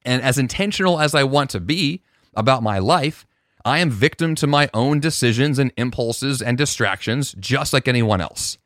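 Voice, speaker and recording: A man talks through his podcast alone, earnest and reflective, often backing up and restarting a thought. His voice sits in a middle pitch. The sound is dry and close, with no room around it. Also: lively intonation, moderate pace, a bit bright, no echo. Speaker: podcast host. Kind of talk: casual solo podcast monologue.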